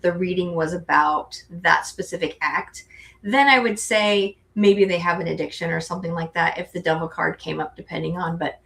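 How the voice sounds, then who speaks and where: A woman's voice: fairly low pitch, normal speed, vocal fry, a bit bright. A middle-aged woman co-hosting a tarot show, chatting casually and rambling with frequent restarts. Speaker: tarot co-host. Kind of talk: casual chat.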